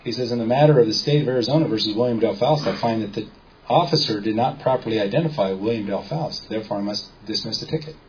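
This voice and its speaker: A seminar speaker talks fast in a fairly low, darkish voice, giving a casual lecture full of stories and quoted dialogue to a small audience. He quizzes them as he goes. Faint background noise sits under the dull, lo-fi recording.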